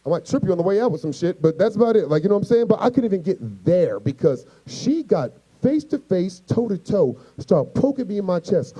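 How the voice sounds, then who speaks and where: Brief: high-voiced man doing animated stand-up, warm and mellow. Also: brisk, few pauses, breathy edge, low-quality recording. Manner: animated, profane, acts out voices. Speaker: stand-up comedian. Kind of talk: stand-up comedy storytelling.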